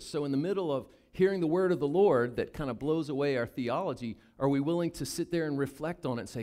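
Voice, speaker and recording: Male pastor, Southern US accent, middle pitch, lively sermon delivery with acted-out quotes. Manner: animated, acts out Bible characters in voices.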